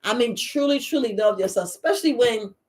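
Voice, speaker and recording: A woman herbalist host, talking in a casual, animated monologue and acting out the voices she quotes. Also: fairly high pitch, brisk. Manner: animated storyteller, acts out quoted voices, laughs often.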